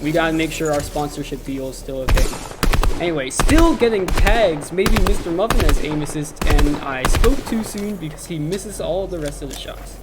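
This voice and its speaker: A young man doing deadpan, joking play-by-play commentary for an amateur game tournament. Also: on the high side, moderate pace, very noisy. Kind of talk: joking esports commentary over gameplay. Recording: game music under the voice.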